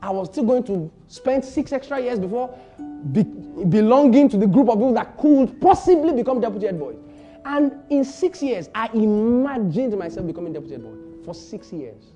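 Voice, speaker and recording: Animated Nigerian pastor preaching. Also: male voice, high voice, normal speed, muffled recording, faint music behind. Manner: preaching with rising shouts and emphatic repetition. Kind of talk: sermon.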